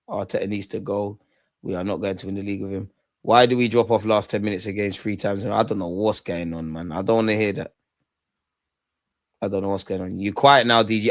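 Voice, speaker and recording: A man's voice: on the low side, fairly quick. A young man hosting a livestream football reaction, ranting and taunting his chat. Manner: excitable, taunting, shouts at chat. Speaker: fan channel host.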